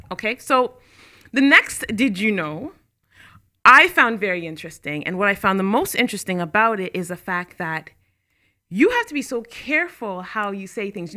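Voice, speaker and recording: Woman, young adult, talk show host, casual chat, bright voice, very lively pitch, laughing asides. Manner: chatty, laughing asides, stresses words for effect.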